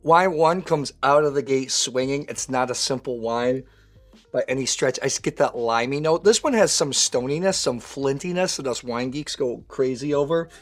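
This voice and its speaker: A man's voice: medium pitch, normal speed, soft background music. Guy hosting a wine tasting, voice kinda weak and worn out, chatty and keen. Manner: enthusiastic, conversational. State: weak voice from lost voice. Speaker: wine educator.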